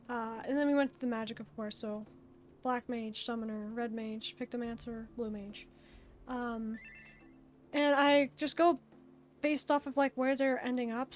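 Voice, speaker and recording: A woman streamer chatting casually while she plays, rambling and laughing easily. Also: sits high. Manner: rambling, laughs often, fillers like "bro". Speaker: streamer playing an online game. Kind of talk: casual livestream chat.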